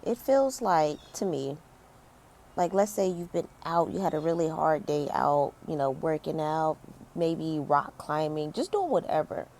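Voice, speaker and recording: A commentary vlogger in her 30s airs her opinions in a chatty, emphatic rant laden with fillers. Her low voice is a little mellow, unhurried and lively in intonation, with a little hiss or hum present.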